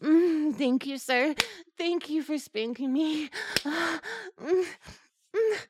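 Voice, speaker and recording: A woman's voice: high-pitched, very slow, no echo. A young woman performing adult audio role-play in a pleading, submissive manner, with frequent sighs and murmurs.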